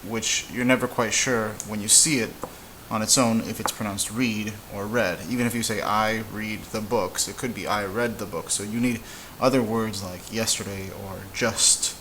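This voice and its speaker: Male language teacher, relaxed and halting at the board, slightly low voice, light hiss behind. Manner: relaxed, halting, with many fillers and restarts. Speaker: Spanish teacher. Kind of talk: casual whiteboard lesson.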